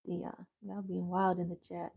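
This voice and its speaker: Woman with a gravelly fry, chatty streamer. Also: fairly low pitch, little pitch movement, normal speed, narrow, tinny audio. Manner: slangy, rambling, talks back to chat. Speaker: yoga therapist and crafter, livestream host. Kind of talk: casual livestream chat while crafting.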